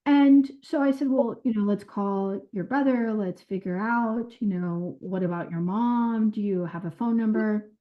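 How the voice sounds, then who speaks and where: A woman who was a caseworker, telling her experiences in an interview in an earnest, animated way with quoted dialogue. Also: mid-range voice, measured pace, few pauses. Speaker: former caseworker. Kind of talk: recounting stories in an interview. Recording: dull lo-fi sound.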